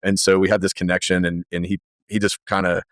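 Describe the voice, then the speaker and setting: A man guesting on a podcast, telling animated stories full of fillers in a conversational way. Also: low voice, fairly quick, no room sound, clean studio sound. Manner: animated, lively storyteller with frequent fillers. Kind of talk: conversational storytelling.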